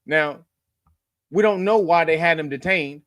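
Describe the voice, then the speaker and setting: A man's voice: a little high, unhurried, a bit bright, no echo. A man hosting a news commentary show, blunt and profane, lecturing his viewers. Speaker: host.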